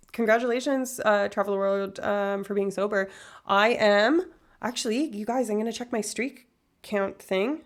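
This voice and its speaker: Woman in her 30s, livestream host, chatty and rambling, with a gravelly fry in her voice. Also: medium pitch. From far north Alberta, Canada. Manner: rambling, tangent-prone, self-deprecating. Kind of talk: casual chat reading viewer comments.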